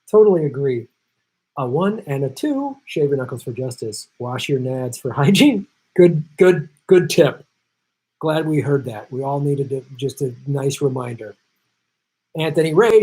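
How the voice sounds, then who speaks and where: A man's voice: medium pitch, warm tone, breathy edge, low-quality recording. A middle-aged man hosting a political commentary show, reading viewer questions and going off on emphatic, rambling rants, laughing easily.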